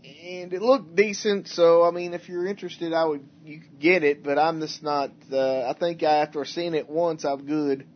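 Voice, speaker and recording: A man's voice: on the high side, steady tone. A man casually chatting about movies as a podcast co-host, rambling and restarting often, recorded on a dull lo-fi setup. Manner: rambling, halting, many restarts and fillers. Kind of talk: casual chat.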